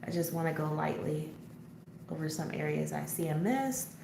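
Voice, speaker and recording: A woman's voice: low-pitched, expressive, normal speed, creaky. Chatty woman hosting a live coloring stream. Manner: chatty, answers viewer comments, laughs often. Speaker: coloring channel host. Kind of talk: casual live chat while coloring. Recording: echoey room, faint background noise.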